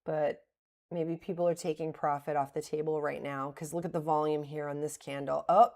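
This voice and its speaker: A middle-aged woman with a low, darkish voice speaks in a level tone at normal speed. Livestreaming her day trades, she thinks aloud, openly scolds herself over mistakes and breaks into laughs.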